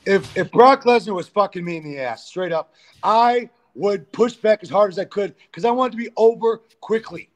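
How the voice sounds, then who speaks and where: A man's voice: high voice, moderate pace. A man, a pro wrestler guest, telling crude, profane backstage stories in a casual interview. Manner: profane, animated storyteller.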